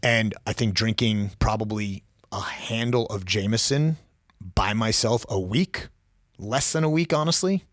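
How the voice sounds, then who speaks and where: A man's voice: fairly low pitch, unhurried, fairly bright tone, no room sound, studio quality. A man in his forties, a former law enforcement officer, telling a personal story as a podcast guest, blunt and raw, swearing freely.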